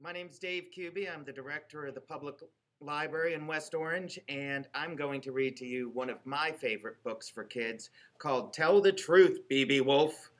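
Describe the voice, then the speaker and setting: A middle-aged man, a library director, reading a children's book aloud in an animated, expressive way. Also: a little high, normal speed.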